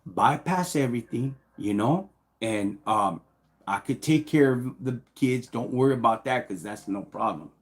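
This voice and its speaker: A middle-aged man telling a personal story casually on a live stream, animated and slang-heavy, acting out what people said. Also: medium pitch, a little slow.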